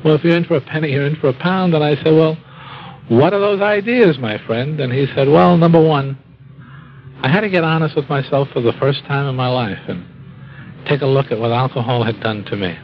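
A man telling a personal story in a wry, dry-humored way, with halting restarts. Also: mid-range voice, dull audio. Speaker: speaker telling his life story. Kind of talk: storytelling talk.

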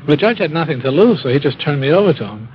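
A man's voice: a little high, very animated. Man telling a wry story, dull recording. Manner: wry, dry humor, halting restarts. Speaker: speaker telling his life story. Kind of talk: storytelling talk.

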